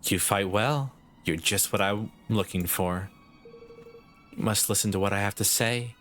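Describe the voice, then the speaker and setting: A man's voice: on the low side, steady tone, a little slow, a bit bright, faint music behind. A man doing a prim lecturing woman professor. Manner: attempted Valley Girl lilt. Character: haughty woman professor who grades everyone.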